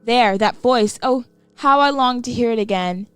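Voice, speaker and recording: A woman giving a slow, emotional and dramatic reading of a scripted horror story. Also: a little high, a bit bright, clear, resonant tone. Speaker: narrator.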